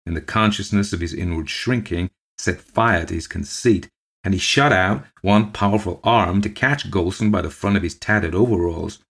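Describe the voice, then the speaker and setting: A man narrating a ghost story aloud for a podcast in a measured, steady way. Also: deep voice.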